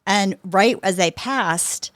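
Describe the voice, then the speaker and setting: A woman in her fifties, a guest on a podcast, telling lively anecdotes and acting out what people said. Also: mid-range voice, slow, no echo, clean studio sound. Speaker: podcast guest, sports executive. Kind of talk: conversational interview storytelling.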